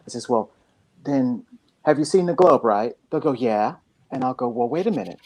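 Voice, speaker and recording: Low-pitched woman guest, animated and emphatic, plays out both sides of a debate. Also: normal speed. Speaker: panel guest. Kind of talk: casual group discussion.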